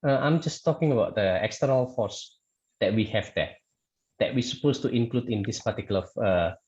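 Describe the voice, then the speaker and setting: A man's voice: lowish voice, brisk, a little mellow, dull audio. A man teaching a statics lecture online, hesitant, with many fillers and restarts, often checking in with "okay".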